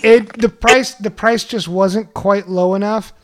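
Animated, foul-mouthed man telling stories. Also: sits high, a little slow. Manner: animated, profane storyteller. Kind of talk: casual chat.

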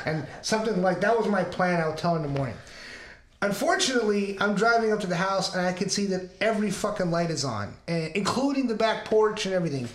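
A man with a high voice hosts a casual podcast, spinning a long, profane anecdote and slipping into the voices of the people in it. He records in a room of a house, and his voice echoes off the walls. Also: animated, fast talker. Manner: rambling, profane, acts out quoted dialogue. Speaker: podcast host. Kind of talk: casual storytelling. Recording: roomy echoing room.

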